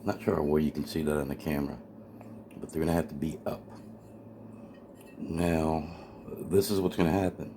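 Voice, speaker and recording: A man's voice: a bass voice, level tone, normal speed, long pauses. A man eagerly talking through the assembly of a radio kit at his workbench, explaining each step as he goes. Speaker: amateur radio hobbyist building a kit. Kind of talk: hands-on kit assembly walkthrough. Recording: noisy home video recording.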